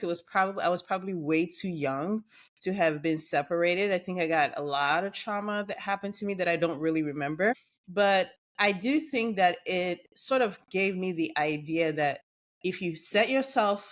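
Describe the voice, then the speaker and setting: Nigerian-accented woman, surgeon guest on a podcast, low-ish voice, quick animated storytelling.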